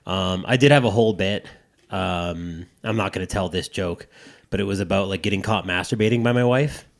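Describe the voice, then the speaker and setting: Give me a man hosting a podcast in loose, rambling, swear-heavy chat, with a slightly low voice. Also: a little fast, creaky. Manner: rambling, swears freely, restarts a lot. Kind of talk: casual chat.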